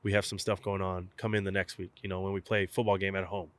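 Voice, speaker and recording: A man's voice: sits low, quick pace, no room sound. A young man, a guest from South Texas, casually telling a story in an interview and acting out both sides of old conversations. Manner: animated storyteller, acts out both sides of phone calls. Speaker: guest, professional baseball catcher.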